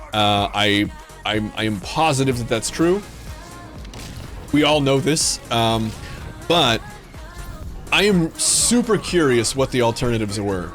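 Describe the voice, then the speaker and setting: A man hosting a livestream, chatting casually with viewers in a playful, jokey way. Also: mid-range voice. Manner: playful, jokey, breaks into silly sung bits. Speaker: livestream host.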